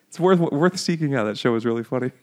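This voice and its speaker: A man's voice: mid-range voice, animated, fairly quick, darkish tone. Joking, profane man on a podcast. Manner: joking, profane, laughs often. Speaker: podcast co-host. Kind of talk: casual banter.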